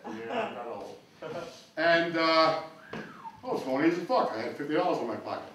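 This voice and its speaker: A man doing a brash, animated stand-up routine on a comedy club stage. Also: on the high side, normal speed, muffled recording. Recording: echoey comedy club, distant mic, noisy.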